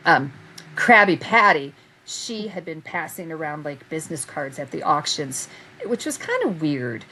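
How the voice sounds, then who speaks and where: A woman guest telling anecdotes in a casual chat, animated, laughing often and acting out what people said. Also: low-pitched, creaky, slight background noise, low-quality recording. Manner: animated storyteller who laughs often and acts out quotes. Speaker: guest, vintage fabric reseller.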